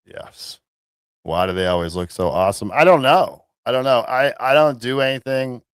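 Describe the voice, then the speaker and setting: A man hosting a casual livestream, talking sarcastically with many halting restarts. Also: mid-range voice, clean tone, no room sound. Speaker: livestream host.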